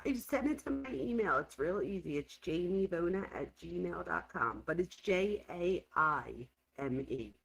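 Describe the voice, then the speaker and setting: Gravelly low-voiced woman hosting a true crime stream, chatty, lively, says like a lot. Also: a little slow, few pauses, rough recording. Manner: chatty, exclamatory, lots of "like". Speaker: true crime show host. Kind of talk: casual livestream chat.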